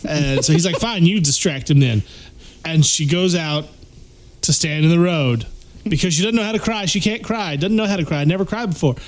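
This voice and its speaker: A man on a casual podcast, tearing into a movie's plot with blunt, profane remarks. His speaking voice sits a little on the high side. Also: brisk. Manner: blunt, profane, explains scenes at length. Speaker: podcast co-host. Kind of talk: casual movie review chat.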